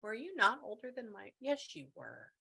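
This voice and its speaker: A woman's voice: on the high side, very animated, normal speed, vocal fry, sharp tone, husky. A woman, a spiritual medium chatting through a reading and relaying messages with lots of quoted asides. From Texas. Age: 60s.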